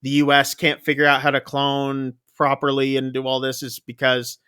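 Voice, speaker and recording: A man casually retelling a film's plot on a podcast, chatty and loose, with quick asides. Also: mid-range voice, completely flat delivery, pushed and bright, smooth, dry recording, studio quality. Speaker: podcast co-host. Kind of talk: casual movie recap chat.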